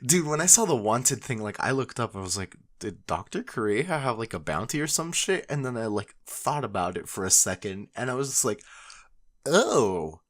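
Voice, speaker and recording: A man's voice: medium pitch, big pitch swings, brisk, few pauses, fairly bright tone. A young man co-hosting a casual fan podcast, laid-back, swearing and saying "like" a lot. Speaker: podcast co-host.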